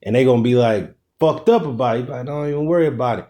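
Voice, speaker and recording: A man's voice: mid-range voice, quick pace. A man casually leading a scripture study, explaining verses with slang and profanity. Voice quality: profane, slangy, animated commentary. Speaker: bible study leader. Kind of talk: casual bible study discussion.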